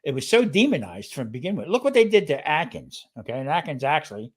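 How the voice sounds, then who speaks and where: A man's voice: a little high, very animated, fast, slightly rough. A man co-hosting a podcast, talking casually and emphatically, pressing his points with "okay" and "you know what I mean". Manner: emphatic, says "okay" to drive points home. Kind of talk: casual chat.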